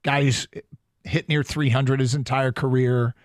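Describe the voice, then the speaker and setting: A man's voice: medium pitch, steady tone, measured pace, no room sound, clean studio sound. A man hosting a sports radio show, chatting casually and rattling off plugs with fillers. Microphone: studio microphone.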